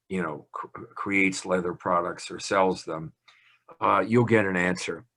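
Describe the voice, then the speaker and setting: A man's voice: fairly low pitch, a bit bright. An older man speaking on a video call, giving a playful, chatty talk about grammar and punctuation. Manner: playful, chatty lecturer with a teasing tone. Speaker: guest speaker on language.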